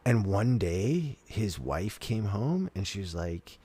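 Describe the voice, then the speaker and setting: A man's voice: on the low side, very animated, slow pace, dark tone, breathy edge. A young man with a rambling storytelling manner, chatting on a casual podcast. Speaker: podcast co-host.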